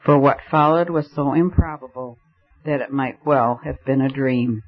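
A man's voice: medium pitch, fairly even intonation, moderate pace. Man narrating a classic novel. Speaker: audiobook narrator. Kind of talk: scripted narration. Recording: slightly muffled lo-fi audio.

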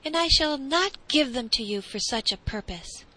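A woman's voice: on the high side, expressive, normal speed, bright, forceful tone, voice pushed up, rough recording. A woman voicing an earnest, determined young boy in a storybook reading. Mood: insistent. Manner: bold, pleading.

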